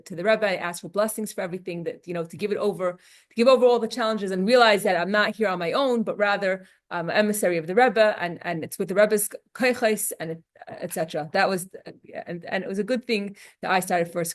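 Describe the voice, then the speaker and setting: A woman teaching a Torah class in a casual lecture style, telling personal stories and repeating phrases for emphasis. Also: medium pitch.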